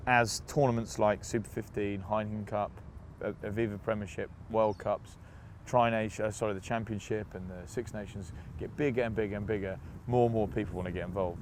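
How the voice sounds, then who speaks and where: A man's voice: lowish voice, a little hiss or hum. A man from England, a rugby player, chatting as an interview guest, telling stories with laughs and mimicked voices. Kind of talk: casual interview chat.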